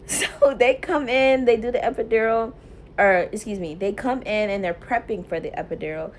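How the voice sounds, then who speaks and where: Young mom vlogger telling her story, lively, laughs a lot, bit of faint room hiss. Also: mid-range voice, normal speed. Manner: animated, laughing often, quotes herself loudly. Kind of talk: casual storytelling to camera.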